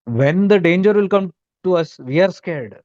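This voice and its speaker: A man's voice: high-pitched, lively intonation, moderate pace, a little mellow, dull audio. Indian man giving an emphatic spiritual talk. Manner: emphatic, repeats key points, mixes in Hindi words. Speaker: spiritual teacher.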